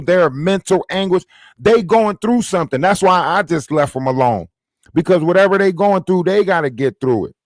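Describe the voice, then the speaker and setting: A man's voice: fairly high pitch, no room sound, studio quality. A man hosting a live stream, ranting emphatically and repeating his points with "right?" tags. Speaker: livestream host. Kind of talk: heated live-stream rant.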